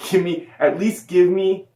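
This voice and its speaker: A man giving his take in a casual film review, animated but halting, full of fillers and the odd swear word. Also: high-pitched, background noise. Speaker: co-host reviewer. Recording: echoey room.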